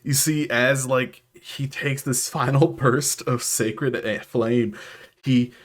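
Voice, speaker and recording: A man runs a tabletop game as game master. He narrates with excitement and a lot of fillers. His voice sits at a middle pitch. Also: slow pace.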